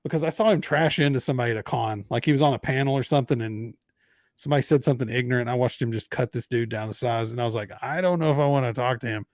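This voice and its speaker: A man's voice: medium pitch, very fast, dry recording, studio quality. A man hosting a podcast, telling a story in casual chat and acting out the people in it. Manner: animated storyteller acting out quotes. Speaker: podcast host.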